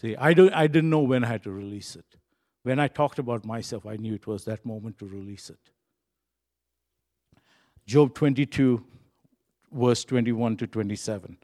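A man's voice: medium pitch, normal speed, pauses often, darkish tone. A man preaching a sermon in an earnest, conversational way, full of fillers and restarts. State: choked up when recalling a moving moment. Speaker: pastor.

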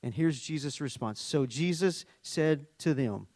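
High-voiced preacher, dry close sound. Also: male voice, very animated, moderate pace, few pauses, no echo. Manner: swings between hushed tender lows and loud emphatic peaks; talks to the congregation, asking questions. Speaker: pastor. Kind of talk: sermon.

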